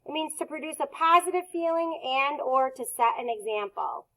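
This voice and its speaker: A woman teacher leading a recorded phonics lesson for young students, speaking slowly and clearly and pausing for answers. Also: high-pitched, expressive, fairly bright tone, low-quality recording.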